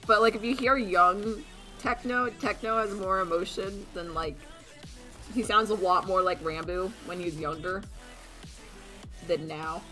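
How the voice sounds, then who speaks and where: A woman's voice: medium pitch, unhurried, bright, forceful tone, soft background music. A young woman chatting casually on a livestream, giggly and rambling with lots of fillers. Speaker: streamer and artist.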